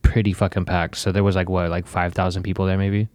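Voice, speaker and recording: A man chats casually as a podcast co-host and drops laid-back, offhand comments. His voice is very deep, and the recording sounds dry and close. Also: little pitch movement, fast, darkish tone, dry recording.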